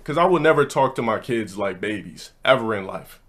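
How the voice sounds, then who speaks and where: A young man telling a casual story and ranting bluntly, with plenty of profanity and a brash, hurried delivery. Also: lowish voice, expressive, a bit bright. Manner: blunt, profane, brash, speeds up mid-thought. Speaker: streamer.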